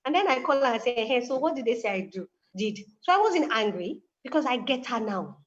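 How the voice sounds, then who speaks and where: A woman with a high voice tells a personal story, acting out the lines of the people in it. The recording sounds dull and lo-fi. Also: a little fast. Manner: animated storytelling with quoted dialogue. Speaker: guest speaker. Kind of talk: conversational explanation.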